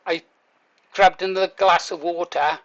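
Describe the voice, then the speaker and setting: On lo-fi audio, an older vlogger casually recounts a story to the camera, chuckling along and cursing occasionally. He has a high-pitched voice with fairly even intonation and speaks a little slowly.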